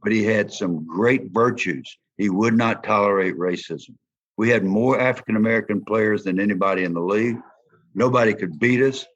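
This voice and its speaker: A man's voice: lowish voice, normal speed, slightly rough. Older Southern man telling football stories. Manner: folksy, animated storytelling. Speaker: interview guest, former football player. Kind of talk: storytelling interview. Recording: dull lo-fi sound.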